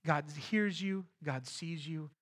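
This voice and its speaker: A middle-aged male pastor preaching with a bright, forceful voice that sits a little high. He talks earnestly and emphatically, slowing down to lean on the words that matter. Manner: earnest, emphatic, slows down to stress key phrases. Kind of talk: sermon.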